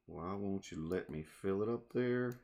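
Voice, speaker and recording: Slow, gravelly man muttering while he draws. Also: sits low, darkish tone. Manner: mutters to himself while he works, rambling and playful. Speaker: streamer drawing live. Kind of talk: casual live-stream chatter.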